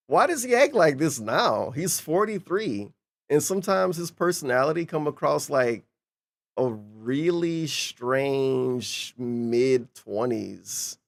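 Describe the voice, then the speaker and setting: A man giving casual reaction commentary on a stream. He sounds sarcastic and incredulous and swears freely. His voice sits in an ordinary middle pitch. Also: gravelly.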